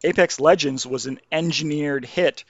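A man's voice: a little high, normal speed, dry recording. A man, a game developer guest, talking thoughtfully in a casual podcast conversation and often restarting his sentences. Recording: dull lo-fi dry sound.

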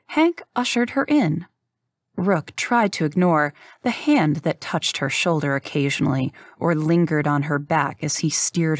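This is a woman narrating an audiobook with calm, even, measured delivery. She has a low voice, and the studio-quality recording carries no room sound.

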